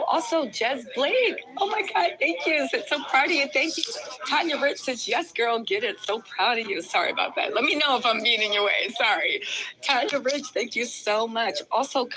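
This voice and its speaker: Chatty female livestream host, conversational and a touch high, with crowd noise behind. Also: expressive, normal speed, poor audio. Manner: chatty, reads and thanks viewer comments. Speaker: livestream host covering a trial. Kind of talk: casual livestream commentary.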